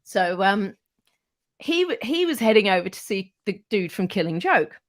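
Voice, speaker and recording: Woman, middle-aged, radio presenter as chatty guest, animated and a bit sweary. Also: mid-range voice, moderate pace. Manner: animated, acts out quoted voices, swears freely. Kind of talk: casual anecdote telling.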